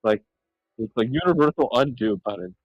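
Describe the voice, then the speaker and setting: A man's voice: medium pitch, lively intonation, moderate pace, dry recording, dull audio. A man co-hosting a podcast, making rambling, sarcastic asides while watching a movie. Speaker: podcast co-host. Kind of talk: casual movie-riffing chat.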